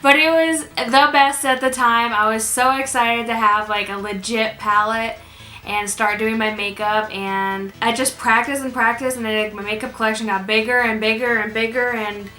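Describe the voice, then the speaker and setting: A woman's voice: fairly high pitch, fairly even intonation, moderate pace, sharp tone. A young woman chatting casually in a Q&A vlog, rambling with fillers and restarts. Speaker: beauty YouTuber. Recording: echoey room with music behind.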